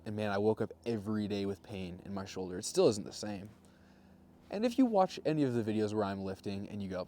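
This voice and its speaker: Young man in his twenties, low-pitched, casual vlogger, wry deadpan storyteller. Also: fast, slight background noise. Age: 20s. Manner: wry, self-mocking storyteller with deadpan jokes. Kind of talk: casual rambling monologue.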